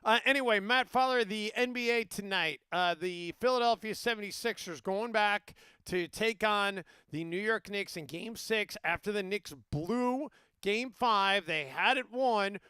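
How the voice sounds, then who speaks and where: A man's voice: high voice, a little slow, pushed and bright, clean tone, dry recording, clean studio sound. A man hosting a sports talk radio show in casual chat, rambling and restarting his sentences. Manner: rambling, self-interrupting, many restarts.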